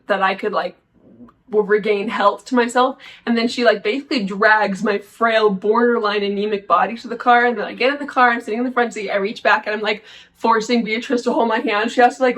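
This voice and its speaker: Young woman vlogger rambling through a story, kinda high voice, says like a lot, jokes at herself. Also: fairly bright tone, poor audio. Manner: chatty, frequent "like" fillers, candid and self-mocking. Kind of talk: casual storytelling.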